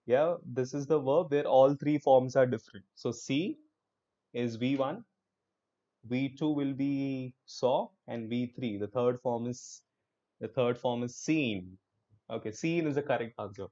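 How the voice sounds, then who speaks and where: A man's voice: mid-range voice, unhurried, mellow, highs cut off. A young male online English teacher with an Indian English accent, teaching a live class in an upbeat, encouraging way and slipping into Hindi.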